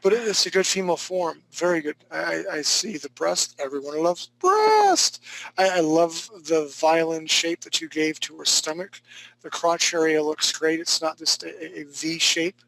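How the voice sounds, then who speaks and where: Male art teacher, fairly high and gravelly, chatty and joking while giving feedback. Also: flat delivery, normal speed, fairly bright tone, poor audio. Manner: joking, laid-back, chatty. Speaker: art instructor. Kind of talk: live online drawing class critique.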